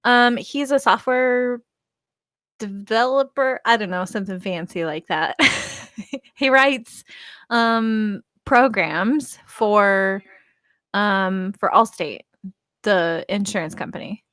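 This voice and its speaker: A woman's voice: medium pitch, slow pace, a bit bright, no echo, clean studio sound. A woman in her thirties chatting casually on a stream, rambling through stories and laughing often. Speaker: guest co-host. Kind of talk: casual chat on a live stream.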